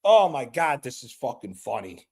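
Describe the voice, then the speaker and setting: A man streaming a live reaction to a football match, excitable and profane, trash-talking the players. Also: medium pitch, moderate pace. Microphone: streaming mic.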